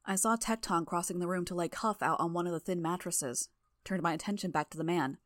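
A woman narrating a first-person story for a fan audiobook in a steady, even way. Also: fairly low pitch, brisk, no echo, studio quality.

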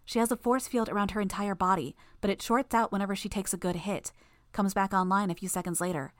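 A woman's voice: mid-range voice, fairly even intonation, fast, dry recording, clean studio sound, natural voice. A woman voicing a smug young female villain who is injured and talks through the pain. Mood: strained. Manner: strained, clipped, knowing.

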